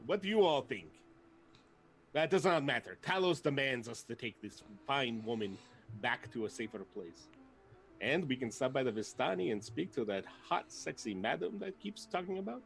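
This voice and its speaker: A brash, cocky warrior booms out stiff, old-fashioned phrasing, pitched higher than his own talk, as a man puts him on. Pompous and boisterous. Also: lively intonation, normal speed, creaky, fairly bright tone, faint music behind, poor audio. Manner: pompous, booming and archaic.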